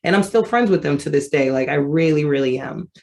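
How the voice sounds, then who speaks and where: A woman in her thirties telling her personal story as an advocate, conversational and animated, acting out her remembered thoughts. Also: deep voice, brisk. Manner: conversational with frequent fillers. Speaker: vitiligo advocate.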